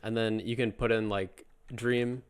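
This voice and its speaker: Guy teaching a language lesson, kinda low voice, lots of "uh" and "like", jokes around. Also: level tone, measured pace, smooth. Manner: chatty and joking, many fillers and restarts. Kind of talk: casual spoken lesson.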